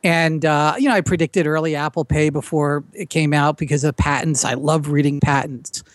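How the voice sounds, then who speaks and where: A man's voice: fairly high pitch, fairly even intonation, normal speed, no room sound. A man speaking as a guest on a casual podcast, eager and talkative, often stumbling and restarting his sentences. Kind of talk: casual interview.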